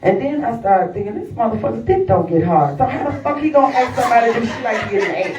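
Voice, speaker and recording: A woman's voice: fairly high pitch, lively intonation, fast. A woman doing stand-up storytelling, brash and profane, talking straight to the crowd from a live comedy venue. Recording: echoey, distant, dull live recording.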